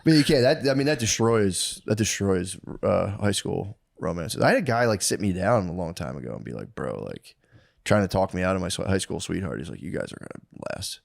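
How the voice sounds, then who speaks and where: A man with a lowish voice, recorded dry and close with no room sound, reminiscing loosely about his youth. His talk wanders, padded with "like" and restarts, in a casual podcast chat. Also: lively intonation, brisk, vocal fry, no room sound. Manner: rambling, filler-heavy reminiscing. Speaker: podcast co-host or guest.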